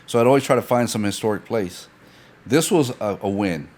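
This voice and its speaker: Man, low voice, lively profane storyteller, casual podcast chat. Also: fairly quick. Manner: animated anecdote teller, swears freely, acts out dialogue. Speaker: guest.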